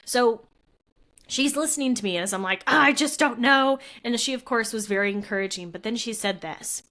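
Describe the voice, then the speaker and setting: A woman's voice: mid-range voice, brisk, fairly bright tone. Earnest woman podcast host. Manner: earnest, heartfelt, conversational with frequent fillers. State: tearful at moments. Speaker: physical therapist and podcast host. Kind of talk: solo podcast talk.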